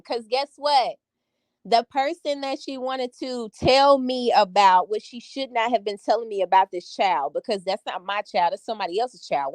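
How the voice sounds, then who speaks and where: A woman's voice: on the high side, dry recording. A woman, chatting casually and sassily to her live-stream viewers at home. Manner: sassy, animated, talks straight to viewers. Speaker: vlogger talking to live chat.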